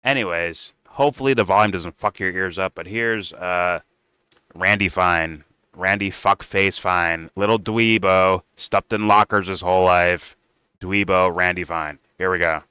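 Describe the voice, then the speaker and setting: A man's voice: deep voice, normal speed, pushed and bright, clear, resonant tone, no room sound, low-quality recording. A man giving heated, profane commentary while reacting to political clips.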